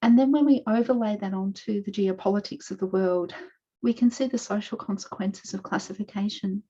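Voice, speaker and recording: Mellow-voiced Australian woman presenting. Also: mid-range voice, breathy edge. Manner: measured, explanatory, walking through slides. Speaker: panelist presenting research. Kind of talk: online conference presentation. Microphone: video call. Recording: dull lo-fi video call audio.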